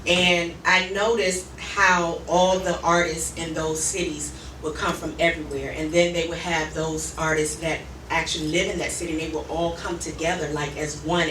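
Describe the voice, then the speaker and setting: A woman's voice: fairly low pitch, a bit bright. A woman from Virginia who organizes a music conference, telling her story earnestly with lots of ums. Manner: earnest, filler-heavy storytelling. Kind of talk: casual interview chat. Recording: echoey room, far from the mic, noisy.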